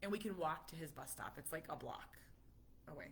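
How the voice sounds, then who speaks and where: A woman talking casually to her viewers about her family, chatty and animated, a little stuffy from a cold. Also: low voice, brisk, breathy edge. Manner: chatty, animated, laughs often. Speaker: parent vlogger. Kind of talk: casual chat.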